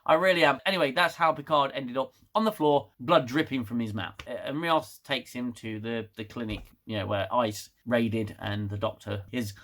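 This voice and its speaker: A man's voice: mid-range voice, normal speed, hardly any pauses. A man reviewing a TV episode in a casual, sarcastic, exasperated rant. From United Kingdom. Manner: sarcastic, exasperated, laughs loudly. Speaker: TV show reviewer.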